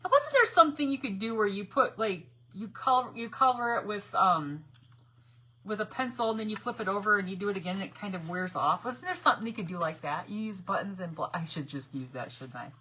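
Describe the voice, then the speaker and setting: A woman's voice: medium pitch, very animated, brisk, bright, forceful tone, husky. A woman chatting casually to her viewers while doing a craft project, laughing often and muttering to herself as she works. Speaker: craft vlogger.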